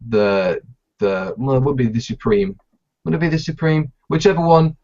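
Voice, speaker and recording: A man co-hosting a casual live podcast, talking in a halting, playful way with lots of restarts. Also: mid-range voice, lively intonation, a little mellow, muffled recording. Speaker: podcast co-host.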